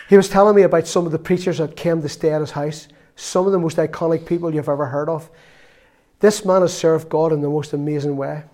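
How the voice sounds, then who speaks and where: Middle-aged Northern Irish lay preacher, slightly high voice, earnest anecdotal sermon. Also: male voice, dark tone. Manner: earnest storytelling with quoted dialogue.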